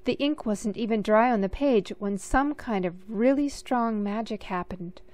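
Slow, expressive woman reading aloud. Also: medium pitch. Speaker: storybook reader. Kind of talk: reading a picture book aloud.

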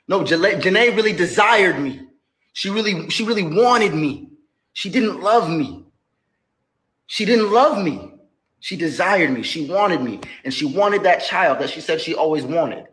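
A man giving a rambling, emotional confessional rant, now and then rising into shouted outbursts. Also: high-pitched, expressive, moderate pace. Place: home, near a shower. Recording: echoey room.

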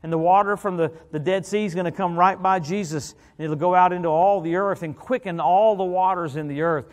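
A middle-aged man preaching an evangelical sermon as a guest minister, animated and joking, often calling out "hallelujah" and "come on". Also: high voice, brisk, hardly any pauses.

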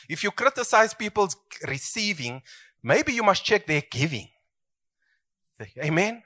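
Man, middle-aged pastor, emphatic sermon, fairly high voice, asks for amens. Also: big pitch swings, unhurried, long pauses, sharp tone. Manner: emphatic preaching with swooping pitch, asks for amens.

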